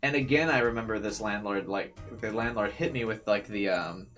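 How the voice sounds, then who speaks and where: A young man telling a personal story in a casual stream chat, animated and full of fillers and swearing. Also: on the low side, a little fast, soft background music.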